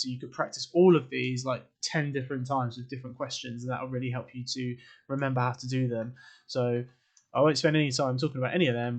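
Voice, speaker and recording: Chatty male English teacher. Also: mid-range voice. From England. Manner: informal, chatty, quizzes the viewer with asides. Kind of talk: classroom lesson video.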